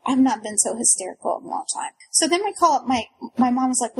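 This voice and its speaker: Breathy, higher-pitched woman telling a frantic story. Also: fast, few pauses, poor audio. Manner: animated, breathless anecdote with many restarts. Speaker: guest storyteller. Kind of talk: casual chat.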